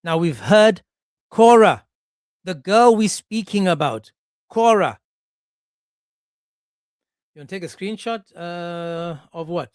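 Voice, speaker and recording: A man talking straight into a dry, close microphone with no room sound. He sits a touch high for a male voice and mocks his subject, slipping into put-on voices for the people he quotes. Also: expressive, slow, pauses often, a little mellow, clean tone, no room sound. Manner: mocking, sarcastic, acts out quoted voices. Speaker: commentary channel host. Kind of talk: monologue commentary on a clip.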